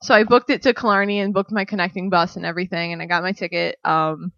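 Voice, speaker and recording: A woman's voice: fairly low pitch, fairly even intonation, quick pace, a bit bright, no room sound. A young woman telling a casual story in a rambling way, often saying "like" and laughing. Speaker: storyteller guest. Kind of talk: casual chat. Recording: dull dry recording.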